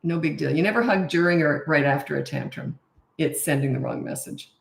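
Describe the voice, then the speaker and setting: A middle-aged woman coaching parents in a casual Q&A, blunt and matter-of-fact, now and then acting out short quotes in a higher voice. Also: fairly quick, creaky. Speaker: parenting coach answering viewer questions. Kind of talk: casual live Q&A. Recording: roomy echo.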